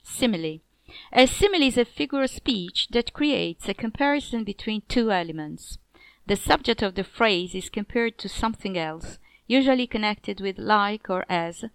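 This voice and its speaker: Clear, smooth woman narrating a poetry lesson. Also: no room sound. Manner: measured, clear, drops pitch at line ends. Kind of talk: scripted educational narration.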